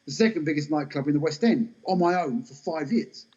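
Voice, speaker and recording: A middle-aged man, telling lively, self-mocking stories as an interview guest. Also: fairly high pitch, a little fast. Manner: animated, anecdotal, self-mocking. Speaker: guest actor. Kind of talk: casual storytelling interview. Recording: dull lo-fi podcast audio.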